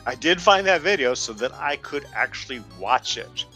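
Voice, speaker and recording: Man, stream co-host, laid-back joking chat, halting fillers, bright voice, faint music. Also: medium pitch, lively intonation.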